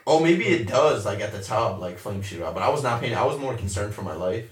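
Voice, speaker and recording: Profane young man telling an animated story. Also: on the low side, a little fast. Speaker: storyteller in casual chat. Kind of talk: casual chat. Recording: roomy echo, a bit far from the mic.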